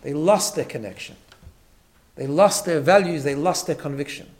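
A man's voice: a little high, normal speed, darkish tone. A man teaching a Torah class, emphatic, often repeating words and checking in with "right?". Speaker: rabbi.

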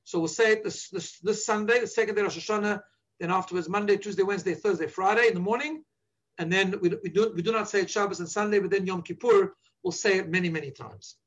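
Earnest high-voiced man teaching prayers. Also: quick pace, a bit bright, muffled recording. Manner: earnest, instructive, repeats page numbers. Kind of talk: explaining the liturgy to listeners.

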